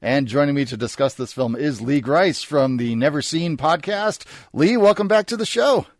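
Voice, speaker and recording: A man from the American Midwest, hosting a film podcast in friendly, relaxed chat. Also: fairly high pitch, normal speed, no echo, clean studio sound. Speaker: podcast host. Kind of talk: casual chat.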